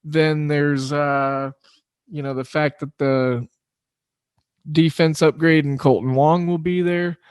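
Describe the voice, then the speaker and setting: A man with a slightly higher voice runs a solo sports betting podcast, chatting loosely and poking fun at himself. His delivery rambles in a relaxed way. The recording is close and dry, with no room sound. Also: slow pace, clean tone, no room sound. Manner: loose, rambling, self-deprecating. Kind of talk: casual solo podcast talk.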